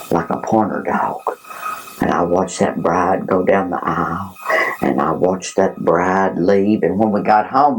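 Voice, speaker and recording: A man's voice: lowish voice, a little hiss or hum, low-quality recording. A man in his fifties with a Southern US accent, a guest in a hotel room, telling stories animatedly and acting out the voices of the people in them. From Tennessee, USA. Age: 50s. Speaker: interview guest. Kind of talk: animated storytelling.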